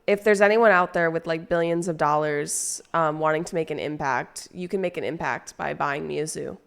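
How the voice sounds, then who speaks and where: Young woman streamer, low-pitched voice, loose crude rambling chat with her viewers. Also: moderate pace, creaky, smooth. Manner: rambling, crude and playful, reads chat aloud.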